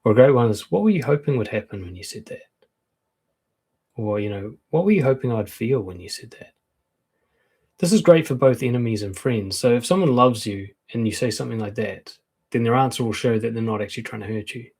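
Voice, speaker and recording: A man's voice: medium pitch, expressive, a little fast, darkish tone, husky. A man, a dating and confidence coach, giving frank, conversational advice and acting out quoted comebacks. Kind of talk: casual advice talk to camera.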